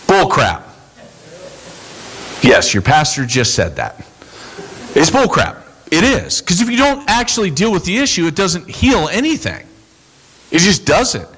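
Lively preacher, animated man. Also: medium pitch. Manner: animated, acts out quoted voices, bursts into shouts. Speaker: pastor. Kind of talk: sermon.

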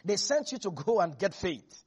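A man preaching a lively sermon who acts out biblical figures and laughs often. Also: high-pitched, moderate pace, breathy edge.

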